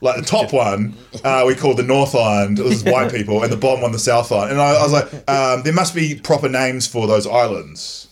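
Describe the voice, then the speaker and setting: A man's voice: mid-range voice, brisk, hardly any pauses. A man hosting a casual chat, swearing freely and laughing often. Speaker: podcast host.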